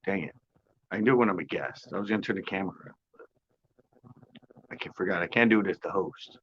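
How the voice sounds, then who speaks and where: A man with a fairly low voice hosts a live fishing stream from his porch. He chats casually with viewers and reads their comments aloud, joking and sarcastic and laughing often. The audio is dull and lo-fi. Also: fast, husky.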